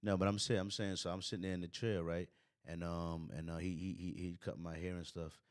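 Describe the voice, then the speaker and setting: A man's voice: sits low, level tone, fairly quick, smooth, no echo, clean studio sound. A man in his thirties with a Brooklyn accent, telling stories as a podcast host in loose, rambling casual chat. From United States. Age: 30s. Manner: rambling storyteller, lots of fillers.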